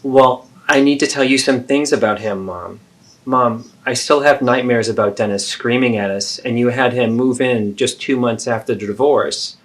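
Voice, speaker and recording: An adult daughter, played by a man speaks in a mid-pitched voice and presses her mother earnestly and persistently. It is a therapeutic role-play, and the delivery stays plain and sincere. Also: moderate pace, lightly acted.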